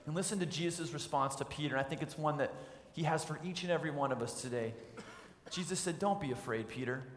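Pastor guy telling a story in his sermon, kinda high voice, big roomy echo. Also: quick pace, slight background noise. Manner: vivid storytelling, paints scenes for listeners. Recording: echoey hall with long reverb.

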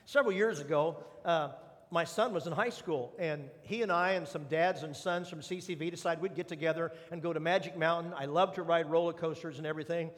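A male pastor with a high voice delivers a sermon from a big church hall, where his words ring out with a long reverb. He tells stories on himself with easy humor. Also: quick pace. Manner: humorous, self-deprecating storyteller. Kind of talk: sermon with personal storytelling.

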